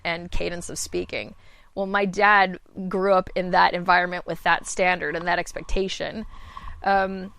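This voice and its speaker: With a medium-pitched, fairly bright voice and no audible room sound, this voice actor in her thirties rambles through a casual podcast chat as a guest. She's candid and pokes fun at herself.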